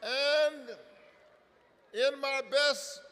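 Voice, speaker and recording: Rich: A man with a very high, ringing voice preaches to a political rally, slow and deliberate between his shouted peaks. The sound carries a long echo through a big venue while a crowd murmurs and cheers underneath. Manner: rousing, builds to shouts, calls to the crowd. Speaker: pastor speaking at a political rally. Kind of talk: fiery rally speech with a preacher's cadence.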